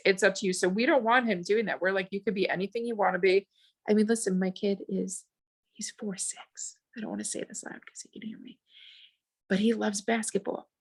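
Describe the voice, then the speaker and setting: A woman in her forties, a podcast guest, talking in a rambling, animated way with many restarts. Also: mid-range voice. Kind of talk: casual podcast chat.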